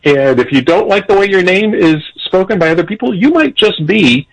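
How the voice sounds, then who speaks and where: Animated male radio commentator. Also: high voice, brisk, vocal fry, poor audio. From Irish heritage. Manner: animated, chuckling, frequent restarts. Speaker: political commentator. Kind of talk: radio talk show discussion.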